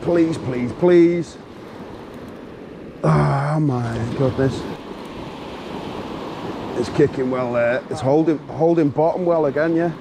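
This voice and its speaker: A man talking to himself and the fish as he shore fishes, in an excited running commentary, recorded outdoors on a beach on an action camera. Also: medium pitch, a little slow, creaky, long pauses. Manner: exclaiming, talks to himself and the fish. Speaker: fishing vlogger. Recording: wind and surf noise outdoors.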